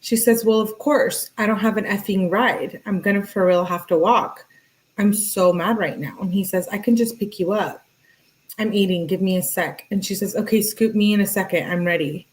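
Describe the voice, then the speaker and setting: A woman with an ordinary middle-pitched voice reads text messages aloud in a relaxed, chatty way. She breaks off to comment and talk to her viewers between the lines. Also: moderate pace, poor audio. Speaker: true crime commentator.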